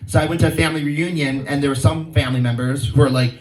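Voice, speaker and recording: A man from Hawaii rattles off his stand-up routine rapid-fire with few pauses, in a medium pitch and fairly even intonation. Performing outside for a live crowd, he tells laid-back tales and shouts out the voices of those he quotes. Recorded from afar, the audio is echoey and off-mic, with the crowd clearly heard.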